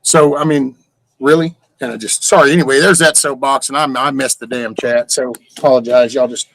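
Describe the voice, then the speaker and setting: An older man with a drawl hosts a casual livestream, ranting through rambling, profane rhetorical questions. His voice is medium-pitched with vocal fry at normal speed, and the low-quality recording has no room sound.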